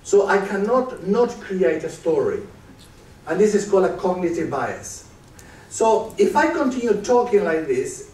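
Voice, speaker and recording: Male conference presenter, fairly high voice, engaging the room with questions, echoey hall picked up from a distance. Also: a little mellow. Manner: engaged, quizzes the audience with questions. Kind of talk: live stage talk with demonstration. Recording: echoey room, distant mic, faint noise.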